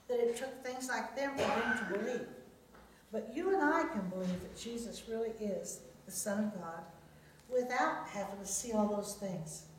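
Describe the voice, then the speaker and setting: A woman leading a children's sermon, reading a Bible story and gently asking the children questions. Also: on the high side, distant mic. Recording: very echoey room.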